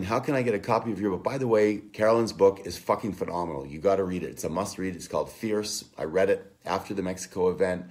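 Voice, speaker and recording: A man hosting a live online coaching session, giving an energetic, profane motivational talk and calling out viewers by name. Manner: energetic, profane, shouts names and "boom".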